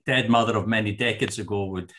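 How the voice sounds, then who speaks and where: An older man with a Scottish accent giving an enthusiastic, halting lecture to a parish group as a guest speaker. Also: lowish voice, fairly even intonation, pushed and bright. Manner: enthusiastic, halting with fillers and restarts.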